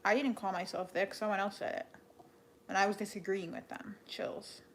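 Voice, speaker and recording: A woman's voice: medium pitch, fairly even intonation, fairly quick, a little hiss or hum. A young woman chatting casually on a livestream, thanking donors and joking with a dry, sarcastic edge. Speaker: live streamer. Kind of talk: casual livestream chat reading donations.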